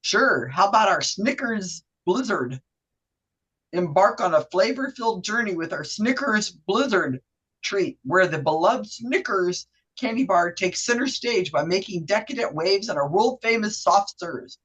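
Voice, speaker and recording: A woman's voice: medium pitch, lively intonation, a little slow, fairly bright tone, breathy edge, poor audio. Woman putting on a perky drive-through worker. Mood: perky, upselling. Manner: sing-song menu reading, stumbling over words. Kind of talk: acted drive-through order for a trivia game.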